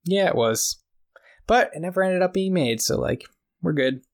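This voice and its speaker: A man's voice: sits high, lively intonation, normal speed. Chatty man recapping with fillers. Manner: retells scenes with quoted dialogue, many fillers. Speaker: podcast co-host. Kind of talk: casual recap chat.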